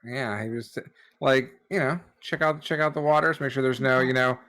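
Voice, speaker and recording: A man's voice: medium pitch, normal speed, fairly bright tone. A man playing a tabletop game, laid-back, with stammering restarts. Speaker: player.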